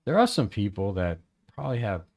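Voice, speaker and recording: Man, low voice, rambling, halting, lots of fillers. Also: very animated, darkish tone. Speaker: podcast host. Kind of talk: casual storytelling chat.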